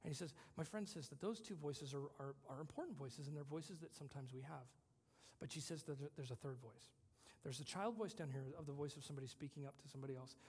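A male pastor preaching a conversational sermon, moving between loud emphasis and hushed whispers. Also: a little high, quick pace, breathy edge, big-room sound.

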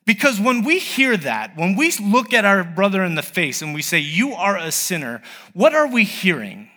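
A man's voice: high-pitched, sing-song, normal speed, bright, forceful tone, in a large hall. A man preaching a sermon in a conversational way, asking the listeners rhetorical questions. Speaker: pastor.

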